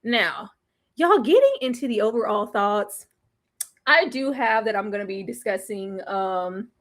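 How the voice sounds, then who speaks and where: A young woman hosting a casual live show about a TV series, chatty and quick to laugh. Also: mid-range voice, animated, fairly bright tone. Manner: chatty, laughs often, drawls phrases, slips into playful quoted voices. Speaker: TV recap vlogger. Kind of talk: casual chat to a live audience.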